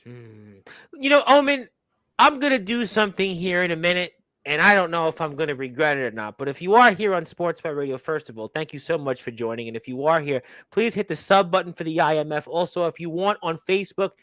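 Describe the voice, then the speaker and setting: A man's voice: on the high side, a little fast, sharp tone, dry recording, low-quality recording. A man hosting a wrestling talk show, rambling in a folksy way and often repeating his words. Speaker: radio show host.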